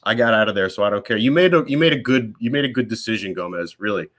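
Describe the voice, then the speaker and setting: A man's voice: fairly low pitch, animated, fast, fairly bright tone. A man hosting a live question-and-answer stream, chatting casually and rambling, often correcting himself mid-sentence. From United States. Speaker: host answering viewer questions.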